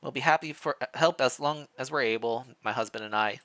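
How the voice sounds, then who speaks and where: A man voicing a kindly elderly female housekeeper, speaking gently and politely in a put-on foreign accent. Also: medium pitch, fairly quick, dry recording, lightly acted.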